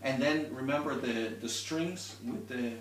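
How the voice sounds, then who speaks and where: A man's voice: medium pitch, unhurried, music in the background. Man teaching violin in a roomy space. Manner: patient, explains with demonstrations and restarts. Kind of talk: one-on-one instruction. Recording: roomy, from a distance.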